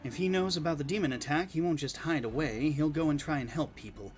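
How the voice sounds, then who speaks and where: A man's voice: on the high side, quick pace, lightly acted. Earnest young lady bard, read by a guy in his own voice, faint music behind. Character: young female traveling bard, earnest and kind.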